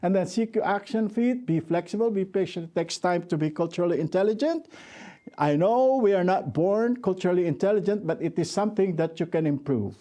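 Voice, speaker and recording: A man's voice: high voice, brisk, warm tone. A middle-aged man giving a conference workshop talk, joking at his own expense, restarting his sentences often. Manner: joking, self-deprecating storyteller with many restarts.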